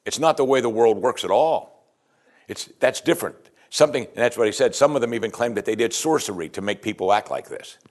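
A man's voice: medium pitch, expressive, a little fast. A man preaching a sermon as pastor in a conversational way, often saying "you see" and restarting his sentences.

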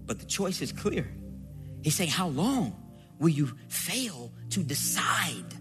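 Guy preaching a sermon, big swings up and down, long echo, soft music under it. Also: on the high side, very animated, slow. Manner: dramatic, acts out scripture with rising shouts and playful asides.

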